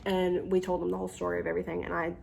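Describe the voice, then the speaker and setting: A young woman telling a storytime vlog, animated and full of ums, acting out the people she quotes. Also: fairly low pitch, rapid-fire, gravelly, slight background noise. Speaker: YouTuber. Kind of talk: casual storytime.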